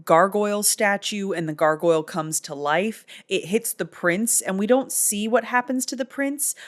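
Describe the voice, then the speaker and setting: A woman's voice: medium pitch, moderate pace. A woman in her thirties, casually recapping a movie in a chatty, amused, rambling way.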